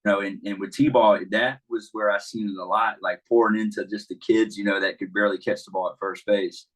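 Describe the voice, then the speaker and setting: Casting: relaxed male coach, slightly low voice, easygoing podcast talk. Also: fairly quick, low-quality recording. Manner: laid-back, storytelling, many fillers. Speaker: baseball coach. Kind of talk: casual podcast chat.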